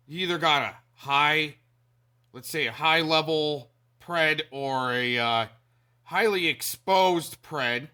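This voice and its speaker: Man, casual stream commentator; slow, searching delivery and a brightish, fairly high voice. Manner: slow, halting, loses words.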